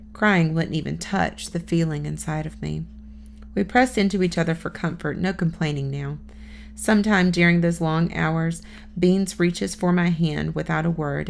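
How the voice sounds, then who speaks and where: A woman's voice: low-pitched, creaky, slight background noise. A woman reading a children's novel aloud as first-person audiobook narration, plain storytelling with small lifts for dialogue.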